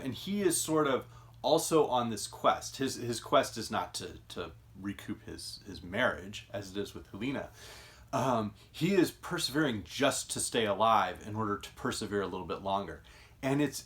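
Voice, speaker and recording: Low-voiced male host, casual literary talk, thoughtful, restarts sentences. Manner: thoughtful, musing, with frequent restarts. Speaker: podcast host.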